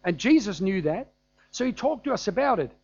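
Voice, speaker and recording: A man with a German accent delivers a sermon in a chatty, storytelling manner, dotted with fillers and small chuckles. His voice sits a little high for a man. The recording is dry and dull, with no room sound and a muffled top end. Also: sing-song, a little fast, gravelly, a little mellow, no room sound. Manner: conversational and anecdotal, with frequent fillers and chuckles. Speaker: preacher.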